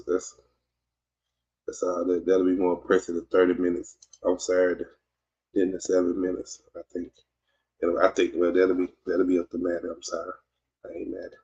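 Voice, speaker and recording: Deep gravelly Mississippi man. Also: completely flat delivery, normal speed, long pauses, mellow. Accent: Mississippi Southern US. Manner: rambling and teasing, many fillers and restarts. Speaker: podcast host. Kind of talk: casual livestream chat reading comments. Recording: dull lo-fi sound.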